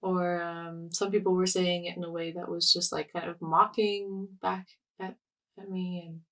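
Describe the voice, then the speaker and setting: Soft-spoken young woman, a little off-mic. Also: lowish voice, level tone, distant mic, low-quality recording. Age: young adult. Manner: thoughtful, halting, many fillers and restarts. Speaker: artist, podcast guest. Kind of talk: reflective casual conversation.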